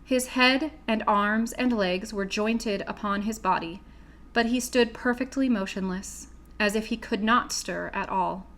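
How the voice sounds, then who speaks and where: A woman reads a classic children's story aloud, steady and clear. Her pitch sits in the middle for a woman. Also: unhurried. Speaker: audiobook reader. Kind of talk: storybook narration.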